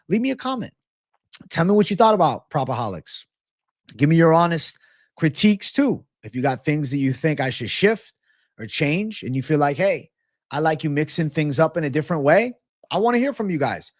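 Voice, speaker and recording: This man's slightly high voice is animated and fairly quick as he hosts a live sports betting show, chatting casually to his live chat. Laid-back and slangy, he swears freely, and the studio sound is clean without echo.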